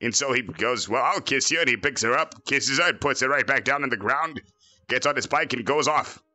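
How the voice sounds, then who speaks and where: Male actor as a brash, foul-mouthed villain, bright tone, boasting. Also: medium pitch, lively intonation, a little fast, dry recording. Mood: cocky. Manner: boastful, crude, joking. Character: cocky arrogant male android villain, gamer. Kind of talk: fan parody voice acting.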